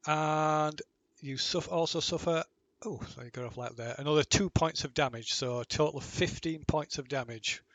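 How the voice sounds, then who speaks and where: Dry-sounding male game master, halting. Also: on the high side, fairly bright tone, no echo. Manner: halting, full of ums and restarts while checking rules. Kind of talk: running a tabletop game.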